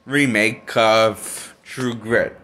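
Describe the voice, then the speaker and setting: A man's voice: on the low side, steady tone, very slow, bright, forceful tone, slight background noise. A man giving a casual film review as a movie critic, blunt and profane, rambling and restarting his sentences often.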